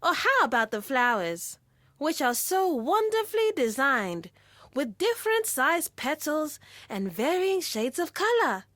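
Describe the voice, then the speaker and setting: A woman's voice: on the high side, very animated, measured pace, no echo. A woman voicing a playful, joyful young woman. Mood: exuberant. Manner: playful, exuberant.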